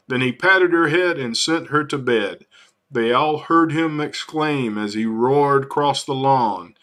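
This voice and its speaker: Slow, bright-voiced storyteller. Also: male voice, mid-range voice. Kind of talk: reading a rhyming Christmas story aloud.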